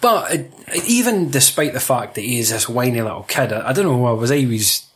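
A man's voice: medium pitch, lively intonation, a little fast, a bit bright. A young man with a Scottish accent from Fife, chatting casually about a film, swearing a lot and laughing often. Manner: sweary, laughing, jokey, puts on voices. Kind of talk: casual film review chat.

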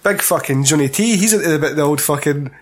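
A man's voice: a little high, quick pace, slight background noise. A young Scottish man in casual film chat, blunt and swearing heavily. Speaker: podcast co-host.

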